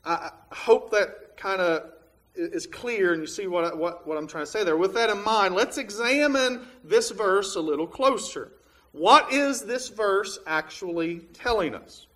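A man's voice: sits high, animated, unhurried, a bit bright. A man preaching a Bible lesson, reasoning through a verse step by step with frequent "uh"s and restarts. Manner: plain, reasoning step by step with many fillers. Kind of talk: Bible teaching sermon.

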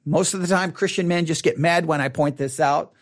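Casual and animated, a man teaches a Bible study method in a brisk, rather high voice. He repeats phrases for emphasis and drops in playful asides.

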